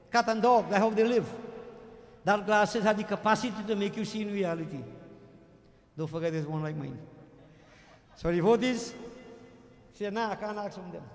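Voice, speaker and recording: A man with a Trinidadian accent, a pundit giving an animated religious discourse full of stories, addressing his listeners as devotees. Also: sits high. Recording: echoey hall with long reverb.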